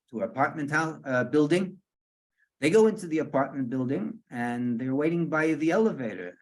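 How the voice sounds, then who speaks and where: Chatting with a small gathering, this rabbi relates a story, laughing softly now and then and repeating himself as he gropes for words. His voice is medium-pitched.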